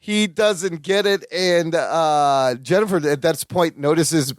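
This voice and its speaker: A man's voice: slow, no echo, studio quality. A man co-hosting a podcast, recapping a sitcom episode in casual chat and acting out the characters' lines. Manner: animated, acts out characters' lines in high voices. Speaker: podcast co-host.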